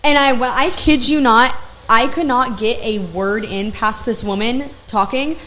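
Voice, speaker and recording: Animated, profane woman esthetician. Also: fairly high pitch, a little slow, slight background noise, rough recording. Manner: animated storyteller, frank and profane. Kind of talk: casual podcast chat.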